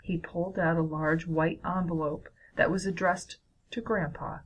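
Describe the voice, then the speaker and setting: A woman reading a children's story aloud in a steady, clear way. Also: fairly low pitch, measured pace, low-quality recording.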